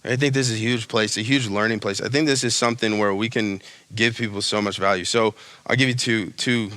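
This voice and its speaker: Bright-voiced young man preaching casually. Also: lowish voice, brisk, no room sound. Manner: casual, animated preaching with slangy asides. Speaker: pastor. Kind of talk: sermon.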